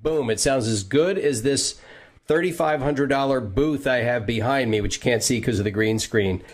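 A man's voice: medium pitch, moderate pace. A man hosting a casual interview podcast, reading viewer questions in a loose, chatty way full of asides, from a home voice booth. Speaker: podcast host, voice actor.

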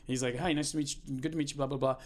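A middle-aged man hosting a casual talk among improv friends, telling stories with lots of swearing and laughter. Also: rapid-fire. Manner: swearing, laughing, mimics his kid in excited high voice. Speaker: improv podcast host.

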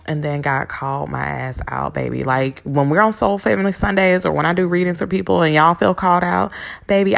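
Low gravelly woman, frank podcast talk. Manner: frank, profane storytelling with laughs. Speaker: podcast host and spiritual reader. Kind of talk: candid solo podcast talk.

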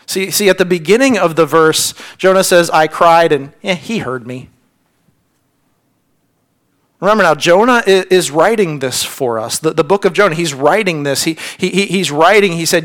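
A man preaching a sermon as pastor, earnest, often repeating words as he stresses a point and sinking to a hush on key lines. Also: fairly high pitch, a little fast, few pauses. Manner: drops to a hushed near-whisper on key lines.

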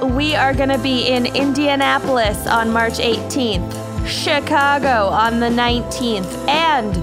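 Woman co-host, playful and chatty, soft music under her. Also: fairly high pitch, unhurried. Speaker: podcast co-host. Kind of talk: casual chat.

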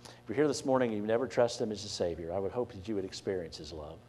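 A man's voice: lowish voice, lively intonation, fast, a little mellow, slight background noise. A man preaching a sermon as pastor, conversational, asking the congregation questions and restarting phrases as he goes. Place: church sanctuary. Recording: church hall reverb.

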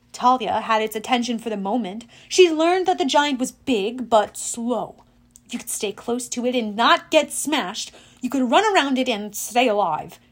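A woman narrates an audiobook in a high, bright voice. Her reading is dramatic and expressive, rising to loud urgent moments and dropping to hushed, quiet endings.

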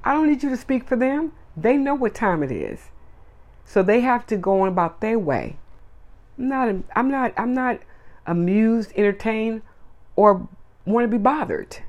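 A woman's voice: fairly high pitch, lively intonation, a little slow, a little mellow, lo-fi sound. A woman hosts her own solo podcast and speaks her mind in a blunt, emphatic way. She hammers home her points by stringing repeated words one after another. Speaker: podcast host. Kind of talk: solo opinion podcast monologue.

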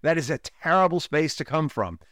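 A man's voice: fairly high pitch, lively intonation, fairly quick, a bit bright, no room sound, clean studio sound. A man hosting a relationship podcast, giving an emphatic teaching monologue and repeating key lines for effect. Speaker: podcast host, relationship coach.

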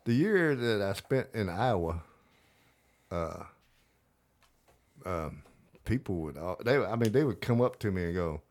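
Man, Southern accent, from North Carolina, fairly low voice, rambling, filler-heavy, casual podcast talk. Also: very animated, a little slow, long pauses, darkish tone. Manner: rambling storyteller, many fillers and restarts. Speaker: podcast guest, army veteran.

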